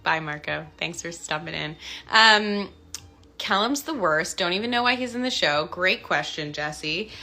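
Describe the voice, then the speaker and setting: Bright, chatty Canadian woman. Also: on the low side, expressive, moderate pace. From Canada, part childhood in Scotland. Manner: chatty, bubbly, thinking aloud while signing. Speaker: voice actor signing autographs on a livestream. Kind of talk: casual livestream chat.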